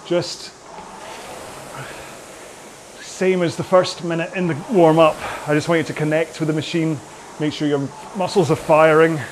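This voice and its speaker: A man's voice: a little high, level tone, a little slow, long pauses, a little hiss or hum. A man coaching an indoor rowing workout while rowing, chatty and rambling, often mocking himself.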